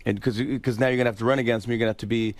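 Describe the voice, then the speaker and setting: A man telling a lively anecdote as a guest on a radio show, laughing and imitating people. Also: mid-range voice, racing, no room sound. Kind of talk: casual storytelling on a radio show.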